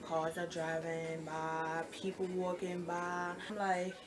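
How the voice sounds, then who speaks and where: A young woman casually telling a personal storytime, acting out the quoted lines with lively, animated retelling. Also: lowish voice, slow pace. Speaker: storytime vlogger.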